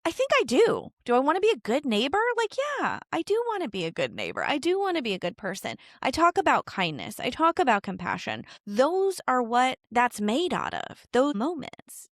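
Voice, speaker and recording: A woman's voice: sits high, wildly swooping pitch, normal speed, few pauses, no room sound, clean studio sound. A woman hosting a podcast, telling a candid personal story and acting out her own inner thoughts in quoted asides. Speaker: podcast host.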